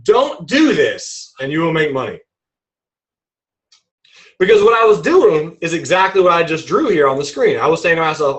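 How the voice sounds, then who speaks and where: Trading teacher dude, bright kinda sharp voice, upbeat and jokey in a webinar. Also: male voice, a little high, normal speed, rough recording. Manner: animated, playful, acts out examples. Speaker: trading instructor.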